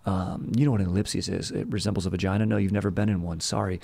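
Young male podcast host, low gravelly voice, rowdy and jokey, bursts into shouts. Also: lively intonation, fast, few pauses. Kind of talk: comedic history podcast.

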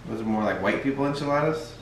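A man's voice: medium pitch, fast. A man bantering playfully with his wife in their home kitchen during a family vlog. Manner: joking, playful, laid-back banter. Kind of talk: casual family chat. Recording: echoey room with loud background noise.

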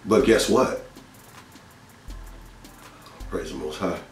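In a deep voice, a man from Georgia takes his time as he sincerely recounts his spiritual testimony, telling it casually with plenty of repeated phrases. Faint music and echo fill the room, and the microphone is set well back.

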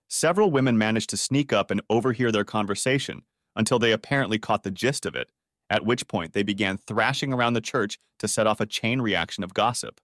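A man narrating an audiobook story in a steady, expressive storytelling manner. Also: mid-range voice, dry recording, studio quality.

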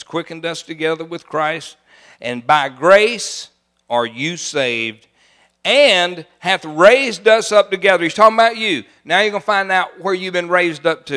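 An older man preaching a sermon in a church, folksy, moving from soft asides to loud cries and slowing down to read scripture. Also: high voice. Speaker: pastor. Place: church sanctuary.

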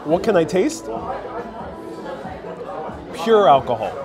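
A man's voice: sits high, very animated, slow pace. A man from the United States live-streaming from inside a busy restaurant, chatting playfully with viewers as he tastes food and drink. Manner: playful, chatty, addresses viewers as ladies and gentlemen. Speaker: travel vlogger live-streaming. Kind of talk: casual live-stream chat. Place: indoor restaurant, public space. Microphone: phone held at arm's length. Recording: busy crowd chatter behind. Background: crowd chatter.

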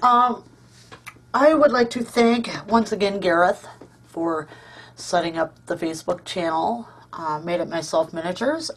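A woman's voice: on the low side, measured pace. A woman hosting a casual craft vlog at home, gushing and chatty with lots of ums and uhs. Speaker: crafting channel host.

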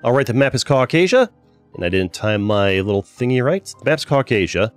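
A man with a mid-range voice and lively intonation talks a little fast into a desk microphone, faint music behind him. Hosting a gaming channel, he gives chatty, casual gameplay commentary, breaking into exasperated outbursts at his teammates.

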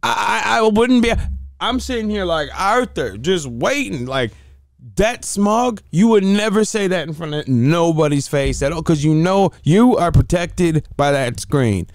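A man's voice: high-pitched, lively intonation, a little slow, dry recording, clean studio sound. A man hosting a reaction video, incredulous and mocking as he comments on a streamer's rant.

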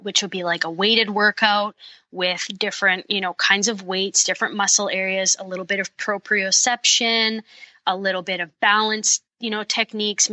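Woman podcast guest, bright and forceful tone, dry close sound, eager step-by-step explainer. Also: mid-range voice, no room sound, low-quality recording. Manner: enthusiastic, practical, talks it through step by step. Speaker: guest, bowhunter and fitness coach. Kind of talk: podcast interview, explaining tips.

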